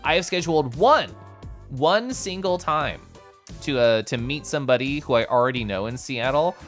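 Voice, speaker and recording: A man from Kansas, live-streaming in casual chat as he reads and answers his chat, playful and quick to laugh. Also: faint music behind. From Kansas, United States. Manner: animated and playful, swings his pitch, laughs often.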